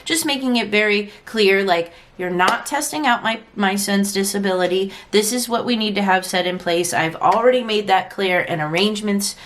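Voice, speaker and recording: A woman's voice: medium pitch, moderate pace, hardly any pauses, fairly bright tone, slight background noise. A young adult woman chatting frankly in a casual storytime vlog, acting out quoted lines and saying "like" often. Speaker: vlogger and parent.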